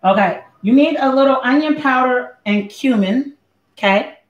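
A woman's voice: high voice, normal speed. A woman hosting a live cooking show, talking in a playful, chatty way straight to her viewers. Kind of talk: casual live cooking chat. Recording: echoey room, dull lo-fi sound.

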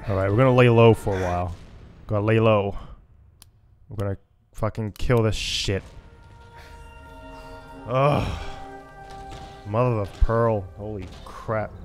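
A man's voice: on the low side, fairly even intonation, measured pace, pauses often, faint music behind. A man giving let's play commentary on a stealth shooter game, frustrated and swearing at it, with chatty asides. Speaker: gaming YouTuber.

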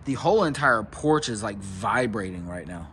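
A man exploring an abandoned house, asking spirits short questions in a ghost-hunting session and reacting in hushed tones. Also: on the low side, animated, moderate pace, background noise. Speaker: paranormal explorer vlogger. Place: outdoors at an abandoned house, on a porch.

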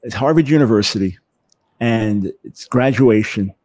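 A man speaking as an interview guest, animated, often repeating words as he builds a point. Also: lowish voice, a little slow, no echo. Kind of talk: conversational interview.

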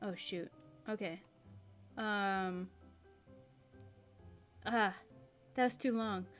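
A woman's voice: mid-range voice, extremely slow, soft background music. A woman streamer playing a video game, giggling and talking to herself as she decides what to do. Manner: giggly, self-talking, flustered. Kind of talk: let's play commentary.

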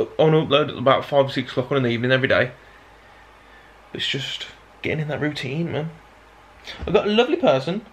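A vlogger from Dudley in England's Black Country chats casually to camera in a rambling, self-deprecating way, with a Black Country accent. His voice is a little high, and there's slight background noise.

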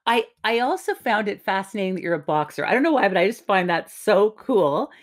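A woman's voice: mid-range voice, very animated, brisk. A woman podcast host interviewing a guest, effusive and enthusiastic in her reactions. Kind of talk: interview chat.

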